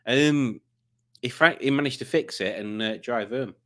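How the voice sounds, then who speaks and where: A man's voice: medium pitch, a little slow. Rambling male livestream quiz host. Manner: rambling, reads viewer comments aloud with asides. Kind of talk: casual livestream chat.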